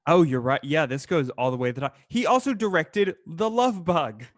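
A man co-hosting a casual podcast about an old film, rambling and animated, laughing as he talks. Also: on the high side, moderate pace, no room sound, studio quality. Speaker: podcast co-host.

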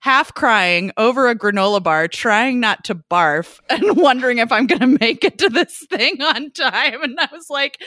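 A woman's voice: fairly high pitch, expressive, unhurried, hardly any pauses, sharp tone, no echo, studio quality. A woman co-hosting a podcast, telling a story with candid, frank, laughing talk in casual chat. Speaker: podcast co-host.

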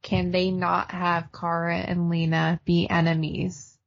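A woman's voice: on the low side, little pitch movement, measured pace, creaky, a little hiss or hum. A woman co-hosting a casual TV review podcast, chatty and opinionated, laughing often. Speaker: podcast co-host. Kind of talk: casual chat reviewing TV shows. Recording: dull lo-fi audio.

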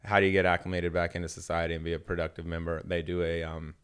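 Fast-talking man, casual golf chat. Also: low voice, clear, resonant tone. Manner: animated, swearing, jokey storytelling. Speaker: podcast co-host.

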